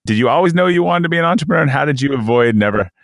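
A man hosting a podcast, asking questions in a brisk, conversational way. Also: on the high side, lively intonation, vocal fry, a bit bright, no echo, studio quality. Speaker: podcast host. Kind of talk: interview questions and ad read.

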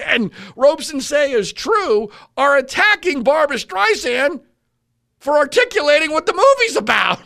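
A man's voice: very high-pitched, bright, forceful tone, dry recording, studio quality. A man giving an indignant opinion commentary monologue, mocking other voices and often restarting his sentences.

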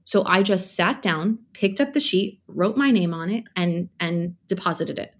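A woman's voice: fairly low pitch, moderate pace. Chatty woman telling stories with laughs. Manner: animated, laughing, acts out quoted voices. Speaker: guest. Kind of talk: casual storytelling interview.

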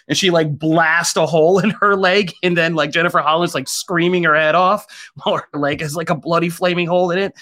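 A man's voice: a little high, fairly quick. A man co-hosting a podcast, chatting casually and retelling scenes with acted-out quotes. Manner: animated storyteller, acts out quoted lines. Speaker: podcast co-host. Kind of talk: casual podcast review chat.

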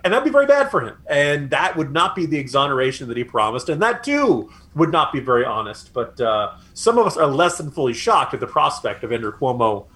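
A man co-hosting a political podcast, talking in an animated, sarcastic way. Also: a little high, a little fast, few pauses. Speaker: podcast co-host. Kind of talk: political commentary chat.

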